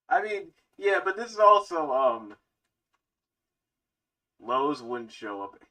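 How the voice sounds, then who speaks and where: A man's voice: a little high, very animated, takes it slowly, bright, forceful tone, poor audio. A man chiming in during a casual livestream chat, hesitant and full of fillers.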